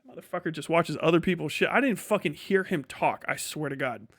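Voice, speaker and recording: A man with a voice pitched high for a man rants through casual livestream commentary. He swears freely and keeps breaking into laughter as he talks. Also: quick pace, a bit bright. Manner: profane, ranting, laughs often. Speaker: streamer.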